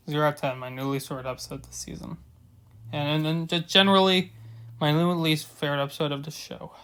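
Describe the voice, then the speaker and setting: A show reviewer, a young man with a fairly high voice, rants through an episode review. He stammers and restarts a lot, lurching from loud outbursts to quiet mumbling.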